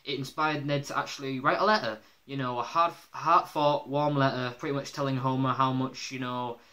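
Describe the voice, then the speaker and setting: A man's voice: mid-range voice, fairly even intonation, moderate pace, bright, forceful tone. A man casually reviewing a cartoon episode, rambling with lots of fillers and laughter.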